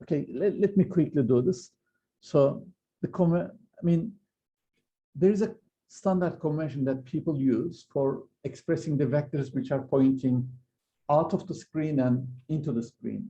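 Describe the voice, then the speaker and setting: A man lecturing on physics in a very dark, gravelly voice. He explains patiently, pausing often and restarting his sentences. The recording sounds a bit dull and lo-fi. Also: a little high. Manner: hesitant, many fillers and restarts while explaining. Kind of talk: university lecture.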